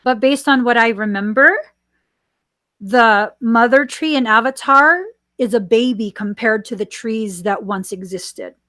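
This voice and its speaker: Woman, podcast host, spiritual channeling talk, slow, earnest, repeats her warnings, dry close sound. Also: fairly high pitch, bright, forceful tone, no room sound.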